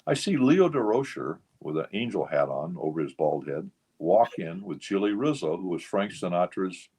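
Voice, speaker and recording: A man's voice: deep voice, sing-song, moderate pace, darkish tone, husky. A man over sixty, a memorabilia collector appearing as a guest on a radio talk show, who tells rambling stories packed with fillers. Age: older. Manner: rambling storyteller, many fillers. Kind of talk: casual radio chat.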